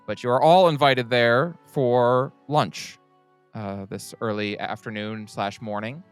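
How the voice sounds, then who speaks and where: A man narrating a tabletop game as game master, relaxed and a little hesitant. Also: medium pitch, slow, clean tone. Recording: faint music behind the voice.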